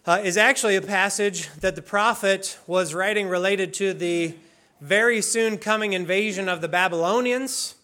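A male pastor leading worship and preaching a sermon in an earnest, measured way. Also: sits high, bright, forceful tone. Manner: earnest, measured preaching with slow emphatic readings.

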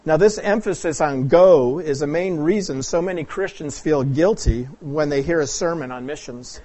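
Speaking at a moderate pace in a darkish voice that sits on the high side, a man from the American Pacific Northwest delivers a sermon. He explains things like a teacher, poses questions to the audience, and clears his throat a lot.

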